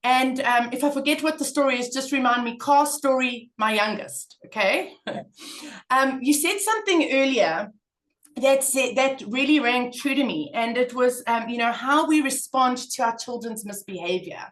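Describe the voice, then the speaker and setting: A middle-aged woman, a guest speaker on parenting, tells stories during a conversational interview. Her voice sits high and moves at a moderate pace, and her storytelling is animated and emphatic, full of repetition.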